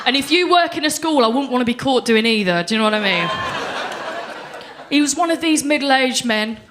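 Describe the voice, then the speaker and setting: A young woman performing a deadpan stand-up set on a comedy club stage. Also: high voice, brisk, a crowd in the background, noisy background. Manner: deadpan storytelling with voiced quotes.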